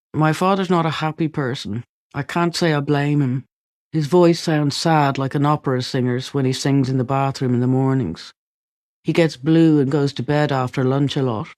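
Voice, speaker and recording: A man reading a memoir aloud, calm, even and unhurried, on a close studio mic. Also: mid-range voice, dry recording. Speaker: audiobook reader.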